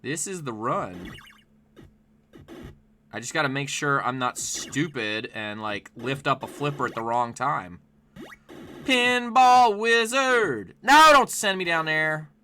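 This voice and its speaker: Excitable man streaming a game. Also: medium pitch, measured pace, slight background noise. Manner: excitable, yelps and shouts at the game; chats to viewers between plays. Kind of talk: live gameplay commentary. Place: home, with his dog in the room.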